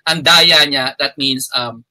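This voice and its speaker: A man's voice: medium pitch, unhurried, bright, forceful tone, rough recording. A man from the Philippines hosting a casual live-stream chat, playful and joking, slipping in Filipino phrases. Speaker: host.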